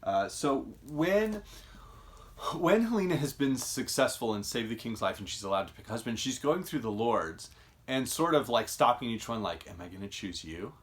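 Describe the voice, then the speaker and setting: A man's voice: medium pitch, very animated, normal speed. A man hosting a casual literary discussion, thoughtful and musing, often restarting his sentences. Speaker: podcast host.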